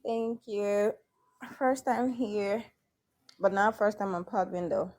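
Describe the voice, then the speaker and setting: A woman's voice: medium pitch, a little mellow. A woman appearing as a guest on a casual show, talking reflectively and sometimes drawing out her words. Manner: reflective, often stretches words out slowly. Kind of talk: casual chat, sharing opinions.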